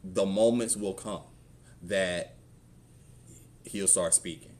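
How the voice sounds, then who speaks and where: A man's voice: low-pitched, slow, a little mellow. A male pastor with a Southern American accent, talking candidly and rambling through personal stories in a conversational sermon.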